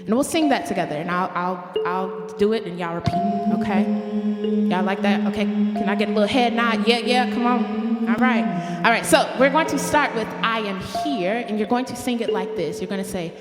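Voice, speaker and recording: A woman's voice: medium pitch, a little fast. A woman leading a live audience in sung affirmations, coaxing them to join in call-and-response. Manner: warm encouraging, coaxing the crowd. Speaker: performer leading audience singing. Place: large library hall with audience. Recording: echoey hall, music behind.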